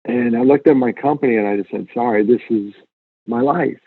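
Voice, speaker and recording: Earnest husky man on a tinny line. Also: medium pitch, a little fast, no echo. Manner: earnest, animated storyteller, emphatic repetition. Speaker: guest speaker. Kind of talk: conversational interview. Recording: tinny phone-line sound.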